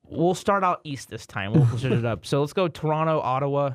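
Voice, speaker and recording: A man's voice: a little high, expressive, brisk, dry recording, studio quality. A man hosting a casual sports podcast, rambling through playoff picks with frequent restarts and repeated words. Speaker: podcast host.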